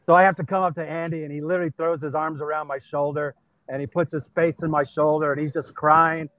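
A man's voice: fairly high pitch, quick pace, no echo, narrow, tinny audio. A male stand-up comedian from California, telling anecdotes casually with lots of "uh" fillers, calling in from a busy venue. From California, USA. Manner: animated anecdotes with many fillers. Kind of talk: casual storytelling. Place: busy comedy venue with people walking around.

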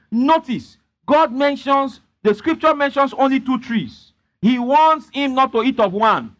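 A man preaches with a high-pitched voice. He leans hard on his points and keeps pressing the congregation to answer him back. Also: lively intonation, unhurried, fairly bright tone. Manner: emphatic, repeatedly prompting the congregation. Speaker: pastor. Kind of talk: sermon with call-and-response.

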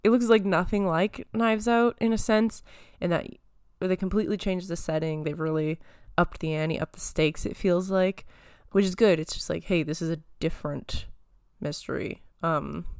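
Chatty young woman with smooth voice. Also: lowish voice, fairly even intonation, moderate pace, darkish tone, dry recording, clean studio sound. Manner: rambling, many fillers and giggles. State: phlegm in her throat. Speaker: podcast host. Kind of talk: casual pop-culture chat.

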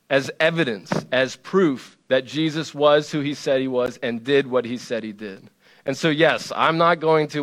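A man delivers a sermon in a casual, conversational tone, his voice sitting a little on the high side. He leans on repetition to press each point home. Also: a bit bright. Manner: conversational and playful, with emphatic repetition. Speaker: pastor.

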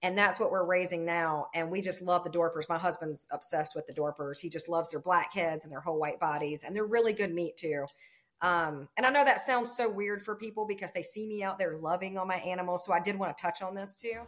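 A woman's voice: fairly low pitch, brisk, fairly bright tone. A woman farmer in casual conversation, telling stories in a chatty way and acting out the quoted exchanges.

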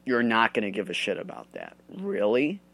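A man's voice: lowish voice, huge pitch swings, fast, creaky, sharp tone, husky. A man from the United States hosting a solo podcast, ranting angrily and swearing a lot. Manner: profane, heated ranting. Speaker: host.

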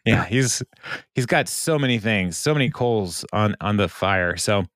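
Lower-voiced man recapping with laughter. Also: expressive, measured pace, fairly bright tone, no echo, studio quality. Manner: retells scenes, briefly mimicking the characters' lines; laughs often while talking. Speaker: podcast co-host. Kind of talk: casual episode recap.

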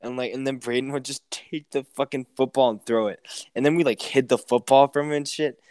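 Animated young man, swearing storyteller. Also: medium pitch, brisk, no echo. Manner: animated storyteller, swears a lot, quotes people in raised voices. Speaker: podcast co-host. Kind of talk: casual chat.

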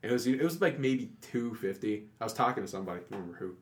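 A young man chatting casually and telling animated stories, mimicking other people and laughing often. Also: fairly low pitch, rapid-fire. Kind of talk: casual chat.

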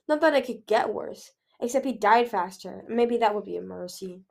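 A woman reading a fantasy novel aloud in an earnest, expressive way. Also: medium pitch, moderate pace, vocal fry, hardly any pauses. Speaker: audiobook reader. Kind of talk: storybook read-aloud.

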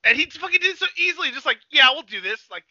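Excitable high-voiced young man, bright and swearing. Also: quick pace, highs cut off. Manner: excitable, swears a lot, acts out scenes in shouts. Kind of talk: excited casual chat.

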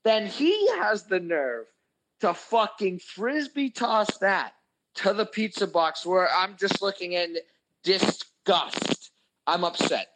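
A young man telling a crude, profane story in a casual chat, animated and full of swearing. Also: sits high, slow, poor audio. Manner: animated, crude, swears a lot, voices his own anger. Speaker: podcast host telling a story.

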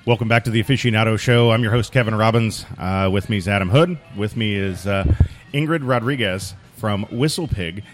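A male host with a lowish voice runs a relaxed interview in a bar, often stopping on fillers. Soft music plays faintly in the background. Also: brisk. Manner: relaxed, hesitant with many fillers. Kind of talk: casual on-location interview. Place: busy bar.

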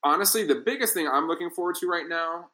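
Bright-voiced man rambling casually. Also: on the high side, fast. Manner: rambling, filler-heavy, animated recap. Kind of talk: casual podcast chat about wrestling.

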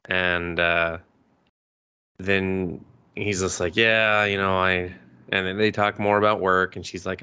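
Male podcast co-host: deep, bright, rambling casual recapper who quotes characters and chuckles. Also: unhurried, clear, resonant tone, highs cut off. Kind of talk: casual chat recapping anime episodes.

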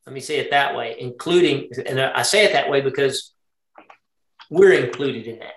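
A man's voice: medium pitch, normal speed, fairly bright tone, echoey room. A man leading an interactive Torah study lesson. He thinks aloud, often asks his group questions and checks they are following along. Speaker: Bible study teacher.

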